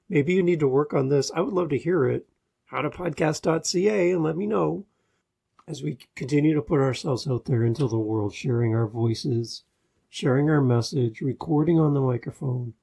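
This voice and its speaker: Creaky, husky male podcast host. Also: fairly high pitch, darkish tone. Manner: measured, with frequent restarts and fillers. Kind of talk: podcast advice monologue.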